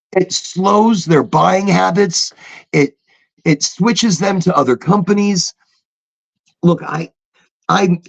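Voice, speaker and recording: A man in casual podcast conversation, his voice sitting high and moving in broad, animated swoops. There is a gravelly fry under his words, and he leans on repetition to press his points. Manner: animated, mimics robotic phone voices, emphatic repetition. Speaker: podcast co-host.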